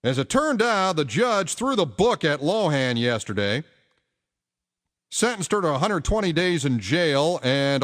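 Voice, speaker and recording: A man's voice: a little high, long reverb tail. A male radio talk show host giving opinionated, emphatic commentary and taking calls. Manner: opinionated, emphatic, rhetorical questions. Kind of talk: talk radio monologue and call-in.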